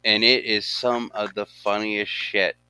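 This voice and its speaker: A man's voice: lowish voice, a little slow, noisy background. An older man chatting casually on a livestream, telling stories with animation and frequent laughter. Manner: animated storyteller, laughs often. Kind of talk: casual chat.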